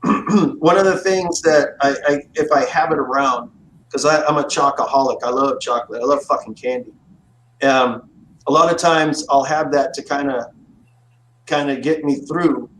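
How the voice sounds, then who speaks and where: A man's voice: medium pitch, moderate pace, fairly bright tone. A man chatting casually on a livestream, telling rambling, profane stories. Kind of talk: casual chat. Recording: roomy echo with faint noise.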